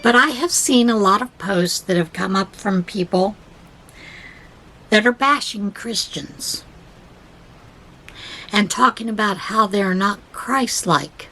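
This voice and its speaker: A woman's voice: mid-range voice, takes it slowly, pauses often, pushed and bright, rough recording. Chatty woman podcast host. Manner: chatty, storytelling with many fillers; reads devotional passages aloud. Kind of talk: casual rambling chat.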